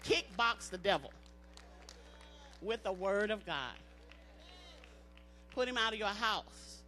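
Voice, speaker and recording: A woman's voice: mid-range voice, animated, slow, sharp tone, faint music behind. A woman preaching an emphatic sermon at a church service, repeating phrases and calling on the congregation to respond. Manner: emphatic, repetitive, call-and-response.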